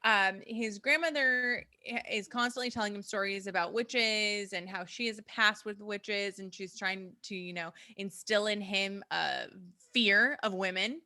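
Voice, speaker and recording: A woman's voice: medium pitch, unhurried, sharp tone, dry recording, clean studio sound. A woman in her thirties co-hosting a podcast in casual chat, rambling and laughing often. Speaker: podcast co-host.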